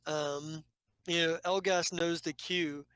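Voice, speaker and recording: A woman's voice: deep voice, fairly even intonation, takes it slowly, a bit bright, clean tone, no room sound, low-quality recording. A woman narrating as game master of a tabletop role-playing game, rambling with many fillers and restarts.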